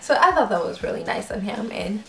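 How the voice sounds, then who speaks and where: A young woman vlogger telling a story in a casual, animated way, acting out voices and laughing often. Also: medium pitch, fairly quick, roomy sound. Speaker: YouTube vlogger.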